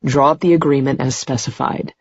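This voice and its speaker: A woman voicing a brisk, commanding businessman who speaks curtly with a steely, all-business tone. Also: rumbling low, steady tone, creaky, husky, no room sound, highs cut off, full character voice.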